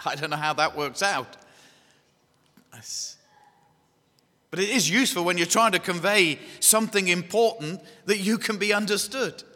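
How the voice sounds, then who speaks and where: Emphatic English preacher in a hall. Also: male voice, sits high, moderate pace, pauses often, sharp tone. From England. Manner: emphatic, repeats key phrases, asks the congregation questions. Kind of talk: evangelistic sermon. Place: church hall. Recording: echoey hall with long reverb.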